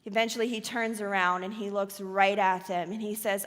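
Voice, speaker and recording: A woman pastor preaching a sermon in a church auditorium, telling a story dramatically with loud and hushed swings. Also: medium pitch, fairly even intonation, normal speed, few pauses, in a large hall.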